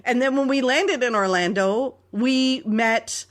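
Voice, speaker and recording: A woman from Canada hosting a podcast, telling stories in a casual, animated way and laughing often. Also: fairly high pitch, a little slow. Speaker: podcast host. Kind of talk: casual storytelling chat.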